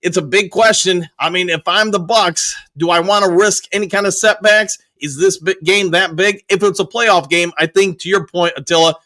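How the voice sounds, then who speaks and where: A man's voice: high voice, fairly even intonation, moderate pace, few pauses, pushed and bright, no echo. A male host on a live sports stream, upbeat, reading viewer comments aloud and greeting viewers by name. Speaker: show host.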